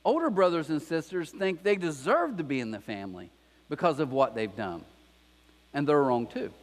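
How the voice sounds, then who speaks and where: A male pastor delivers a sermon with a high voice that swoops up and down as he tells the story. He drops into little acted-out voices for the characters. His voice carries a long reverb from a large church hall. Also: big pitch swings, normal speed. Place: church auditorium.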